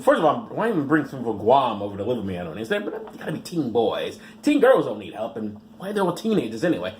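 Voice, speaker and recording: A man's voice: medium pitch, very animated, fast, few pauses, slight background noise. Sarcastic rambling male host. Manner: sarcastic, rambling, trips over words. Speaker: podcast host. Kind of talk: reading news with sarcastic commentary.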